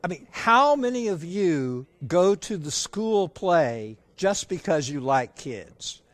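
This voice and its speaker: A man's voice: high-pitched, big pitch swings, slow pace, no echo. A man preaching a sermon, drawing in the audience with questions and acting out the dialogue of a family story. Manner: engaging, asks the audience questions.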